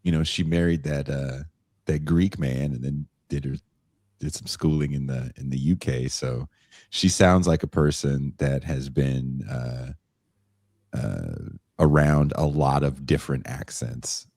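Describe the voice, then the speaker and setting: A man hosting a podcast in casual chat, excitable and profane, often laughing as he talks. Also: a bass voice, a little slow, dry recording, clean studio sound. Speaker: podcast host.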